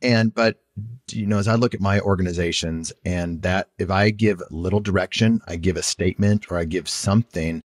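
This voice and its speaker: A man's voice: low-pitched, moderate pace, no room sound, studio quality. A man hosting a business podcast who talks in a reflective, conversational way and shares his own experience. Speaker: podcast host. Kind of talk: casual interview conversation.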